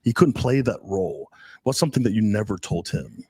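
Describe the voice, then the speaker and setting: Man co-hosting, relaxed and thinking aloud. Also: fairly low pitch, fairly quick, slightly rough, dry recording. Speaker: dating coach co-host. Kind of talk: casual podcast chat.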